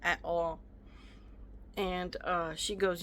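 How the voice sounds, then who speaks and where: A woman vlogs a casual storytime rant with a bright, forceful edge to her voice. She retells an argument with indignation, acting out both sides. She rambles and breaks off to make side comments. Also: mid-range voice, a little slow. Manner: indignant, animated retelling with acted-out quotes; rambling, stops mid-story to chat. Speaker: vlogger.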